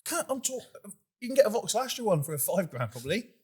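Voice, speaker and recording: A man's voice: high voice, very animated, fast talker, slightly rough. A young man co-hosting a podcast, rambling through crude, sweary stories and laughing often. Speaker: podcast co-host. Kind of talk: crude casual banter.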